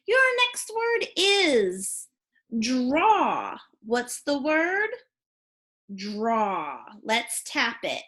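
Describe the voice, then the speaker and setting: Woman, phonics teacher, very slow, lively pitch, sounds out letters. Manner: slow, clear, sounding out letters and prompting questions. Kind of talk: phonics lesson for young children.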